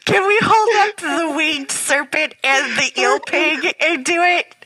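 A high, bright woman chats unhurriedly on a podcast. She is tired and slap-happy, laughing at nearly everything. Her voice sits close and dry on the mic. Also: slow pace, no echo, low-quality recording. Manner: giggly, laughs often. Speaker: podcast co-host. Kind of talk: casual chat.

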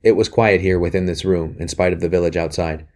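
A man narrating a historical novel, measured and earnest. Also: low voice, fairly even intonation, darkish tone. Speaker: audiobook narrator. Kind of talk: scripted narration.

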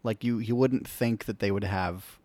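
A man in casual movie talk as co-host, excitable and quick to laugh. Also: fairly low pitch.

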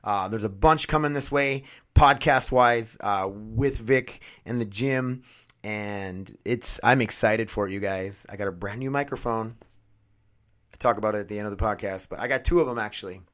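A man's voice: lowish voice, moderate pace, a bit bright. A man hosting his own podcast, rambling and swearing casually into a condenser studio mic. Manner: rambling, profane, self-mocking. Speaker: podcast host.

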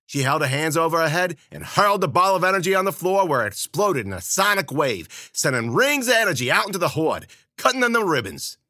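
A man spinning a gritty first-person tale in street slang, turning to the listener with wry asides. His pitch moves a lot and his tone is bright and forward. The mic is close and dry. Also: very animated, brisk, no room sound. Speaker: storyteller and podcast host. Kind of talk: first-person hardboiled storytelling.

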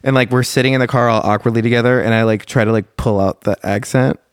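A man's voice: mid-range voice, steady tone, quick pace, clear, resonant tone, dry recording. Dry-sounding laid-back young man. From Minnesota. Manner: laid-back storytelling, lots of fillers. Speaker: podcast co-host. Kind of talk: casual chat.

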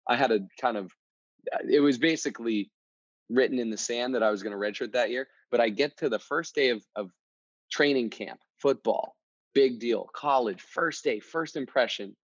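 A man of middle pitch tells a story in a casual, animated manner, often restarting and repeating words. The recording sounds dry, with no room around it, and slightly muffled. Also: normal speed, no room sound. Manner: energetic, conversational, repeats words. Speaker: motivational podcast host.

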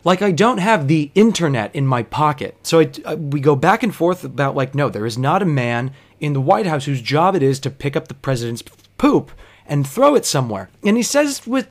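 A man's voice: fairly high pitch, sing-song, normal speed. A man, a bartender, telling a comic story in an exasperated, incredulous way, with plenty of swearing.

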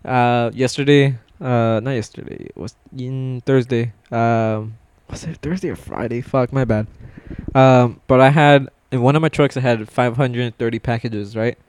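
A man's voice: medium pitch, fairly even intonation, measured pace, darkish tone, clean tone. A man in casual chat, rambling through work stories with plenty of swearing and frequent laughter. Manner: rambling storyteller, swears a lot, laughs often. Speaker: warehouse worker telling stories.

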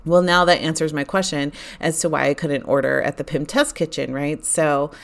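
A woman's voice: low voice, steady tone, moderate pace, gravelly. A woman vlogger telling a casual story in a chatty, candid way that often turns exasperated. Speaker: vlogger recounting a theme park trip.

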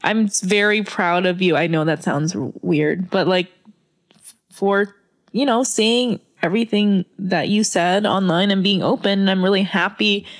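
Woman co-host, mid-pitch voice, giggly, emotional. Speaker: podcast co-host. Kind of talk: casual chat.

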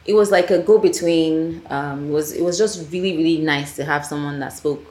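A Nigerian woman filmmaker appears as a guest on a podcast, chatting casually in an interview and animatedly acting out the people she quotes. She has a deep voice and a moderate pace. The room is echoey, with faint ambient noise.

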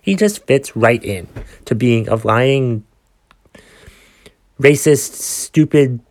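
A man's voice: medium pitch, slow pace, darkish tone. A man hosting his own podcast, ranting in a profane, exasperated way and rambling with frequent restarts. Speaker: podcast host. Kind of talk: solo podcast rant.

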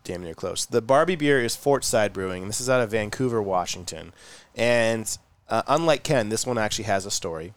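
A man's voice: fairly low pitch, lively intonation, a little fast. A man co-hosting a casual podcast, laid-back, chatting and presenting a beer and its brewery story. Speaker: podcast co-host. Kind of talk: casual chat, beer review.

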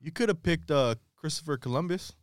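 A man's voice: a little high, a little fast. A young man co-hosting a podcast, chatting casually in a playful, insistent way. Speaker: podcast co-host. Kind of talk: casual chat.

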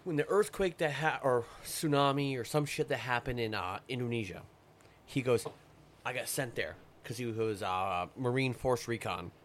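In a casual podcast chat, the guest delivers a sprawling, foul-mouthed story, slipping into quoted voices along the way. His mid-range voice is fairly bright and moderately paced, with a little hiss or hum in the background.

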